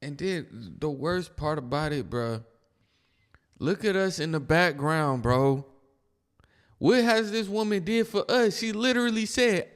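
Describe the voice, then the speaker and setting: A man's voice: on the high side, a little slow, smooth. Blunt slangy man reacting, reverberant room. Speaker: commentator. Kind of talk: casual reaction commentary.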